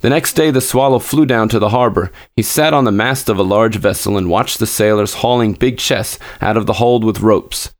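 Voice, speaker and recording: A man reads a classic fairy tale aloud with a low, steady voice. His delivery is measured and expressive, in the manner of scripted storybook narration.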